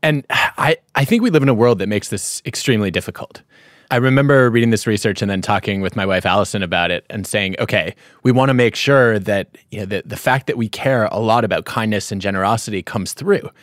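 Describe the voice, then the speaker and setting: A man's voice: fairly low pitch, brisk, dry recording, clean studio sound. A man hosting a podcast, telling a family story in a reflective way before asking his guest a question. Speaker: podcast host. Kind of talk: podcast conversation.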